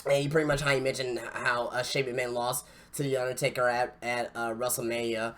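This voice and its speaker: A man's voice: mid-range voice, level tone, a little fast, fairly bright tone. A man hosting a wrestling podcast, reviewing an event in casual talk with swearing and lots of stammered restarts. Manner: ranting, profane, stammering restarts.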